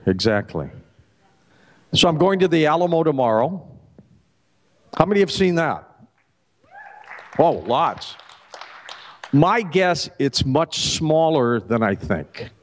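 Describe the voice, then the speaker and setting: A man's voice: slow pace, long pauses. A middle-aged man tells a joke live on a festival stage into a handheld mic. His voice swoops up and down as he acts out each character, and he banters with the crowd in between. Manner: animated, acts out the characters with pitch jumps. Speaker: radio host telling a joke on stage. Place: festival stage before an audience.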